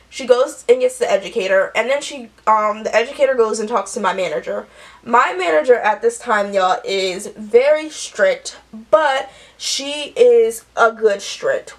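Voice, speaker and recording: A young woman, chatting through a story while doing her makeup, acting out the people she quotes. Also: on the high side. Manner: chatty, animated, acts out quotes. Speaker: nurse vlogger.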